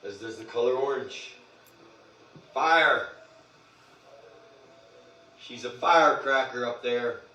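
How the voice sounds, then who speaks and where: A man preaching on a livestream, cursing freely and swinging from loud proclamations to hushed murmurs. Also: mid-range voice, slow pace, long pauses, echoey room, recorded from a distance, rough recording. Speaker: spiritual group leader.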